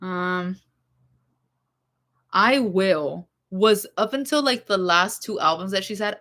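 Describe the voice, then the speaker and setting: A young woman talks through her favorite songs in a loose, rambling vlog chat, full of "um" and "like" and little laughs. Her voice is bright and forward, sitting at an ordinary pitch for a woman. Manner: rambling, many fillers, laughing asides. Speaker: vlogger. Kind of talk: casual chat about music.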